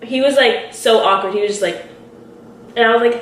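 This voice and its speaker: A young woman in her twenties telling a story while doing her makeup, animated and giggly, acting out what people said. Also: a little high, brisk. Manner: animated, quotes people in lively voices, giggly. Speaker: beauty vlogger. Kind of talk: chatty get-ready-with-me storytelling. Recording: roomy echo with faint hiss.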